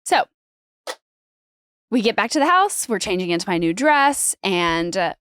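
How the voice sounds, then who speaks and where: A woman telling a wedding story in casual chat, animated and swearing freely. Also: medium pitch, a little slow, smooth, no room sound, studio quality. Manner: animated, swearing, acts out quoted voices. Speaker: podcast guest, bride telling her wedding story.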